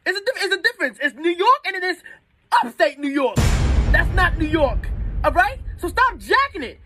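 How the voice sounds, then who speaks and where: A woman's voice: very high-pitched, very animated, normal speed, background noise. A woman ranting bluntly in a social media clip, emphatic and slangy.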